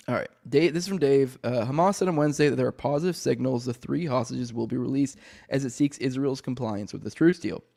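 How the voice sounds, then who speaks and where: A man hosts a casual news podcast, his voice sounding choked up and a little rough. He reads articles aloud, then drifts into rambling commentary full of restarts and offhand swearing. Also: medium pitch, a little mellow. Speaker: podcast host.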